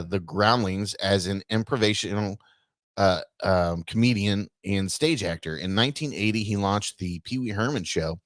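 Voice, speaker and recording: A man's voice: on the low side, dry recording, clean studio sound. A man co-hosting a casual podcast, reading a news article aloud and stumbling over words with offhand asides. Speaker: podcast co-host.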